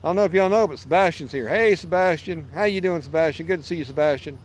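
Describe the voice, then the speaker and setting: A man's voice: on the high side, rapid-fire, a little mellow, slight background noise. A man, hosting a fishing livestream outdoors and chatting casually, rambling and restarting as he reads viewer messages. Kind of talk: casual live-stream chat. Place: outdoors at a park lake.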